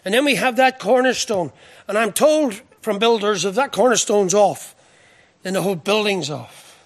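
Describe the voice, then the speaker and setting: A man's voice: sits high, normal speed. A middle-aged man from the United Kingdom preaching a sermon in an earnest manner. He often repeats words and asks the listeners questions.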